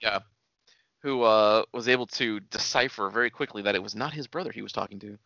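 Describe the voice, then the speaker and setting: A man's voice: lowish voice, a little fast, vocal fry, bright, forceful tone, no echo, lo-fi sound. A man chatting casually as a co-host, laughing often and swearing freely as he retells scenes. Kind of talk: casual chat.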